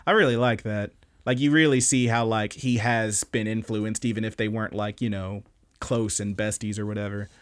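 A young man hosting a podcast, recapping anime episodes in a casual, animated way, swearing often and acting out lines. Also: on the low side, moderate pace. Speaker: podcast host.

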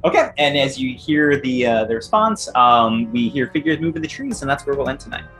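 A man narrating a tabletop role-playing game as game master, halting and full of fillers, often laughing. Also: mid-range voice, lively intonation, fairly bright tone, soft background music.

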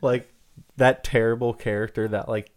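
Smooth-voiced young podcast co-host. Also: male voice, mid-range voice, little pitch movement, normal speed, a little mellow. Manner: jokey, swears a lot, laughs often. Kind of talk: casual podcast banter. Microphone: own studio microphone.

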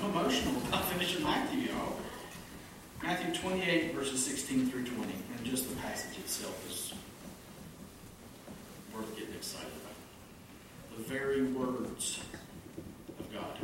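A man's voice: medium pitch, measured pace, pauses often. A man preaching a sermon as a pastor, telling jokes and laughing as he goes. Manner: animated, laughs at own jokes. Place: church sanctuary. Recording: echoey room from a distance, background noise.

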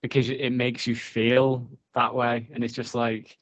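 A man talks casually as a podcast co-host, mid-pitched, swearing freely and leaning on filler words. The audio is dull and lo-fi. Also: level tone, unhurried. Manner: chatty, swears often, filler-heavy. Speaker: podcast co-host reviewing a film. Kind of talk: casual chat.

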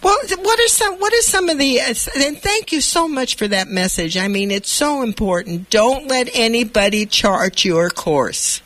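A woman's voice: sits high, lively intonation, normal speed, hardly any pauses, fairly bright tone. A woman hosting a radio interview show, affirming her guest and rambling through questions with many restarts. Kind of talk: interview talk.

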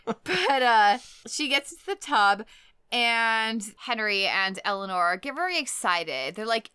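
A woman co-hosting a casual podcast, giggling as she retells film scenes and quickly acts out the characters' lines. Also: fairly high pitch, very animated, bright, forceful tone, clear, resonant tone, no echo. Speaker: podcast co-host. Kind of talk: casual chat recapping a film.

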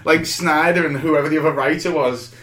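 A man on a podcast, chatting casually and spinning lively anecdotes, slipping into voices for the people in them. His voice sits a little high for a man, and it rings in a roomy, echoey space. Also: a little fast. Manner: animated storyteller, acts out quotes. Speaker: podcast co-host. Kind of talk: casual chat. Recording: roomy echo.

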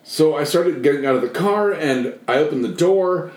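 A man's voice: on the high side, expressive, normal speed, a little mellow, reverberant, low-quality recording. A man co-hosting a podcast, telling a rambling story with lots of fillers in casual chat. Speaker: podcast co-host.

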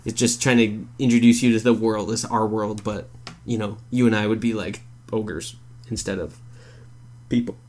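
A man co-hosting a podcast in casual chat, animated and swearing freely as he acts out scenes in silly voices. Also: fairly low pitch, moderate pace. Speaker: podcast co-host.

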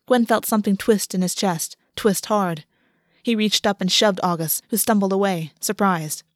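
Woman reading a story out loud, measured, mid pitch, dry. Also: no room sound. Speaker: narrator. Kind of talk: audiobook reading of fiction.

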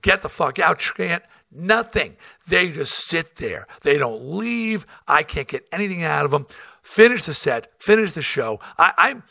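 A middle-aged man hosting his own show, telling a road story in a blunt, profane, animated way. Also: on the high side, unhurried, gravelly, no echo, studio quality. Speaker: host. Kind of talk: storytelling monologue.

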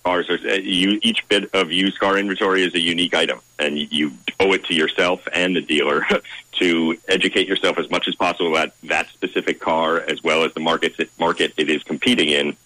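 A man interviewed as a car website's content director, answering in a measured, formal way with many pauses. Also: sits low, fairly even intonation, sharp tone, no echo, poor audio.

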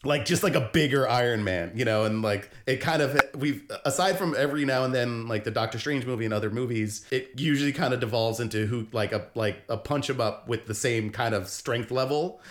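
A man's voice: mid-range voice, a little fast, hardly any pauses. A young man hosting a casual pop culture review podcast, playful and jokey, now and then singing his lines. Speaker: podcast host.

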